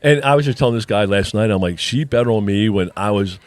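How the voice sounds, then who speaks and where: Low-voiced man telling a story. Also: fairly quick, dry recording. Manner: animated storyteller acting out quoted dialogue. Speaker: podcast co-host. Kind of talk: casual storytelling chat.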